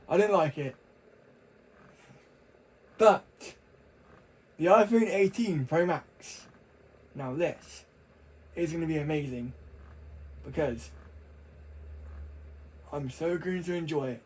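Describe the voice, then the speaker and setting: A man's voice: fairly high pitch, slow pace, long pauses, darkish tone, husky, poor audio. A young man talking casually to camera, rambling and chatty with frequent restarts. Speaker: vlogger.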